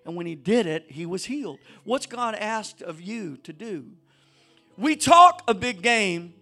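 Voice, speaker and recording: High-pitched preaching pastor, shouting and hushed. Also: male voice, animated, a little slow, faint music behind. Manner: swings between shouted preaching and low conversational asides. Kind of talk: sermon. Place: church sanctuary with congregation.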